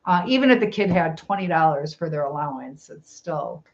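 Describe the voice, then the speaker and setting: A woman's voice: deep voice, lively intonation, moderate pace, dull audio. A middle-aged woman hosting a casual live stream, chatting, laughing often and reading viewer comments aloud.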